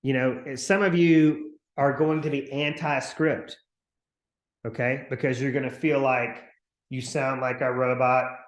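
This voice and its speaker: A man coaching real estate agents on a video call, talking in an energetic, chatty way and acting out upbeat phone calls. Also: mid-range voice, a little slow, reverberant. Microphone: computer mic on a video call.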